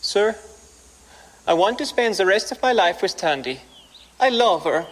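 An earnest young suitor in an ad. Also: male voice, high voice, sing-song, a little slow. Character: young man proposing to his girlfriend's father. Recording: ad audio replayed in a reverberant hall with background noise.

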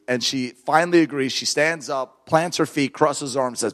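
A man preaching a sermon through storytelling, fervent and animated, laughing between points. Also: mid-range voice, normal speed.

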